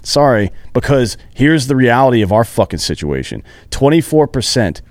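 A man's voice: medium pitch, sing-song, normal speed, no room sound, clean studio sound. A man co-hosting a podcast in casual chat, blunt and profane, ranting about the news. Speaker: podcast co-host.

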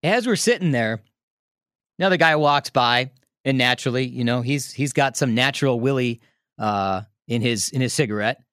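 A man telling a story in a casual, animated way, laughing often and restarting his sentences. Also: medium pitch, normal speed, no echo, studio quality. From Milwaukee area, United States. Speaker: radio host telling a story as a podcast guest.

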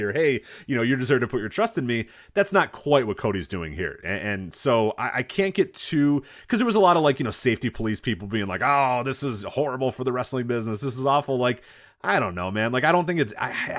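A man hosting a podcast in casual chat, rambling and animated, with lots of restarts and filler words, casually swearing and acting out quoted voices. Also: on the low side. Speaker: podcast host.

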